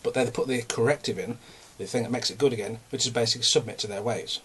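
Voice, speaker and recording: A man's voice: medium pitch, fast, fairly bright tone, slight background noise. A young man, talking in a casual, rambling and self-mocking way, a bit out of breath. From England. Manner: ranting, self-mocking, chatty. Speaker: vlogger.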